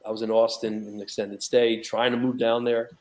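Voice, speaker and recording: A man's voice: on the low side, level tone, moderate pace, a little mellow. A man speaking as a guest in a casual interview, from New York, rambling with many fillers and restarts. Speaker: guest, documentary associate producer.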